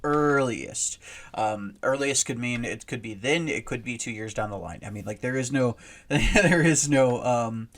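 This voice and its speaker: A man's voice: medium pitch, normal speed, fairly bright tone. A man hosting a casual commentary video, talking in a rambling way with lots of fillers and restarts. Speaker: host.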